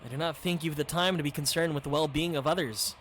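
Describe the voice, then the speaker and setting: A streamer reading a video game aloud and voicing a steadfast older male knight captain, pitched a little below their own voice, with formal, old-fashioned speech. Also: steady tone, quick pace, fairly bright tone, slight background noise, natural voice. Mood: resolute.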